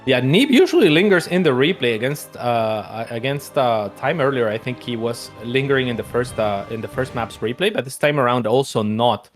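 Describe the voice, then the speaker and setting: A man's voice: medium pitch, lively intonation, moderate pace, few pauses, faint music behind. A man giving friendly, analytical color commentary on a live esports match. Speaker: esports co-caster.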